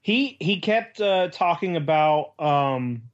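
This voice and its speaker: A laid-back man co-hosts a casual podcast chat and talks haltingly, full of fillers. His audio sounds a little dull and muffled. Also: a little high, lively intonation. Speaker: tattoo artist, podcast co-host.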